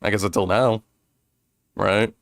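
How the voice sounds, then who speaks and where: A man's voice: fairly low pitch, steady tone, measured pace, creaky, no echo, studio quality. A male streamer chatting casually during a game, rambling with restarts and frequent chuckles. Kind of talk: casual let's-play chat.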